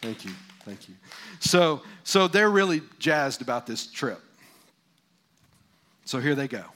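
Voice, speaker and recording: A male pastor preaching a sermon in a folksy, animated way, often asking the congregation questions. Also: medium pitch, measured pace. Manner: folksy, animated, asks the crowd.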